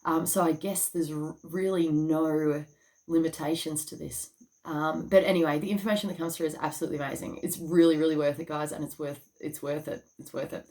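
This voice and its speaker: A woman's voice: deep voice, fairly even intonation, a little fast, warm tone. An Australian woman talking casually to her viewers, chatty, swearing freely and saying "okay" again and again. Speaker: spiritual channel and YouTuber. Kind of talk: casual talk to camera.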